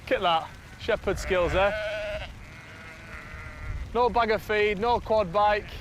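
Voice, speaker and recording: A man in his thirties with an Oldham accent, chatting excitedly on camera outdoors on a farm and laughing often, with music underneath. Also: high voice, takes it slowly, noisy background. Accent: Oldham, northern English. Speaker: first-time farmer, presenter. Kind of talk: casual on-camera chat. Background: background music.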